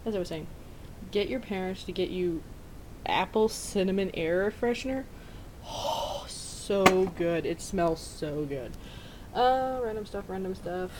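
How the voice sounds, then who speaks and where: A woman's voice: lowish voice, animated, a little slow, darkish tone, a little hiss or hum, low-quality recording. A woman giving a rambling, giggly tour of her bedroom in a casual vlog, swearing offhand. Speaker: vlogger.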